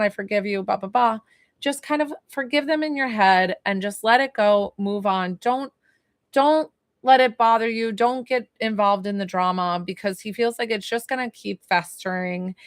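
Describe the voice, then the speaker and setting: A woman's voice: medium pitch, dry recording, clean studio sound. Chatty New woman medium on a live stream. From New York. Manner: chatty, rambling, full of "like" fillers. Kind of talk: casual live-stream talk.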